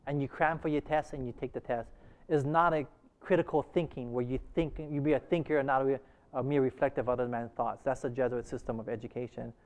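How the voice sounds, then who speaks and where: Leading an interactive Bible class, a male teacher keeps quizzing his listeners and often restarts his sentences. His voice is medium-pitched, steady and a little mellow, and he talks a bit fast.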